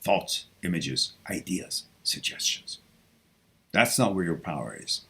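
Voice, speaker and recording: Male stream host, husky low voice, unhurried, lively swings in pitch. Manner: animated, breaks into chanting and shifts between loud and hushed. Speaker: host answering viewer questions. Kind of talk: live Q&A stream.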